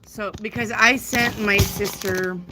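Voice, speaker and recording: Speaking slowly and steadily in a mid-range voice, this tarot reader from South Dakota has a northern US accent. She chats and rambles on a live stream, reading out viewers' questions, with heavy background noise in the recording.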